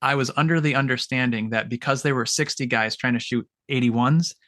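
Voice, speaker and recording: A man's voice: medium pitch, a little fast, a bit bright, no echo, clean studio sound. A man in casual chat, careful and hedging, unsure of the details he recalls.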